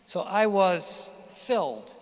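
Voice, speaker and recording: A middle-aged physician giving a graduation speech, telling a personal story in a candid, emphatic way. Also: male voice, sits high, big pitch swings, takes it slowly. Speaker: commencement speaker, physician. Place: graduation ceremony hall. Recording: hall reverb from a ceremony venue.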